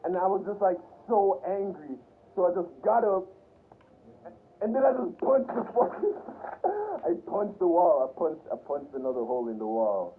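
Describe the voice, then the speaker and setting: A young man, a YouTuber, telling a personal story in a casual, animated, profane way. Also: high-pitched, normal speed. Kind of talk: storytime vlog. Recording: tinny phone-like sound with faint hiss.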